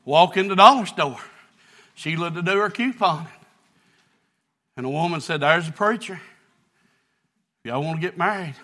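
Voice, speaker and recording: A man, preaching a sermon, telling a folksy story that builds into shouted preaching. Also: on the high side, expressive, normal speed, long pauses. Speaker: pastor.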